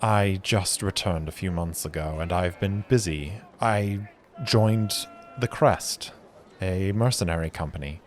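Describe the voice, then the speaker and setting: A man's voice: low voice, a little slow. A man voicing a reserved, polite young adventurer who now works as a mercenary. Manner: quiet, polite.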